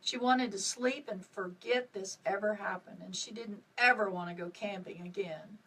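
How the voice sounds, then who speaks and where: A woman author reading her own novel aloud on a live stream, with expressive dips and rises. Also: medium pitch, moderate pace, slightly rough, distant mic, low-quality recording. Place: at home on a live video stream.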